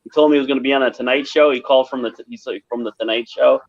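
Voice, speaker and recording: A man co-hosting a casual chat show, telling quick anecdotes with exclamations. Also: mid-range voice, steady tone, lo-fi sound. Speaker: podcast co-host.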